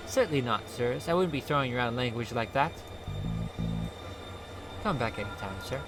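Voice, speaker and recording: A man's voice: mid-range voice, expressive, moderate pace, loud music behind the voice, close to an everyday voice. A man voicing a polite, formal male ghost train conductor who calls everyone sir, while reading a game aloud. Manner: stiffly courteous, says sir constantly.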